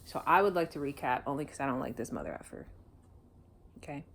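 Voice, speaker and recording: A woman gives a casual tarot reading, talking bluntly and emotionally and swearing freely. Her voice is low, and faint background noise sits under it. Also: big pitch swings, fast, creaky, fairly bright tone. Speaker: tarot reader.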